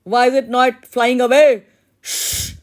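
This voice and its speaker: A woman voicing an old male master painter who is proud and excitable, talking loudly and exclaiming. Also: fairly high pitch, slow, pitched above the performer's own voice. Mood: annoyed. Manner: loud, exclaiming, fussing.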